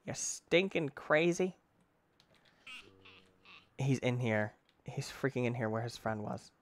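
A man giving excitable, rambling commentary on his gameplay, talking to himself and breaking into sudden shouts. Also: unhurried, pauses often, no echo. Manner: excitable, with sudden shouts and big pitch jumps. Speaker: gaming channel host. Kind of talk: let's-play gameplay commentary.

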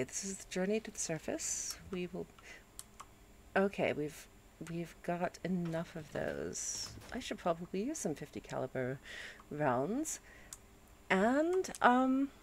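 A woman streaming a video game from home, groggy after a headache, chatting calmly with viewers and fussing at her dog. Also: medium pitch, slight background noise. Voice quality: calm, soothing voice. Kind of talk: casual live-stream gameplay chat.

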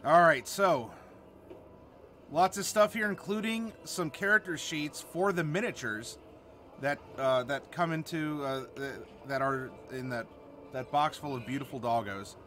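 A man's voice: on the high side, a little slow, a bit bright, slight background noise. Casual rambling game-book reviewer, man. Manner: rambling, restarts, reads text aloud. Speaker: host reviewing game books. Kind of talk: casual review and reading aloud.

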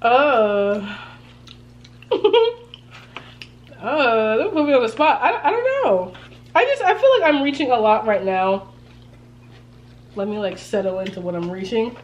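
A woman's voice: on the high side, big pitch swings, a little slow, long pauses, muffled recording. A woman in her early twenties chatting casually as a guest, modest and playful, brushing off praise. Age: 20s. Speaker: guest cousin. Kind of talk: casual chat.

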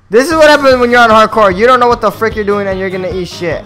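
A man giving live, slangy gameplay commentary, excitable and prone to loud outbursts. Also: sits high, quick pace, faint music behind. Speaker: gaming video host.

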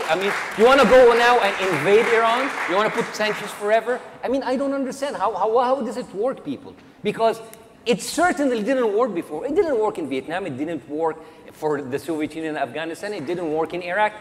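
A man from Egypt arguing emotionally on a debate panel, restarting often and stacking up fillers. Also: high-pitched. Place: large event hall with audience. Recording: large echoing hall with crowd noise.

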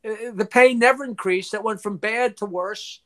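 A man's voice: sits high, moderate pace, a bit bright. Older man telling rambling showbiz stories. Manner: rambling anecdotes with restarts and quoted voices; profane, frequently clears throat. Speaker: interview guest. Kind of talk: casual storytelling interview.

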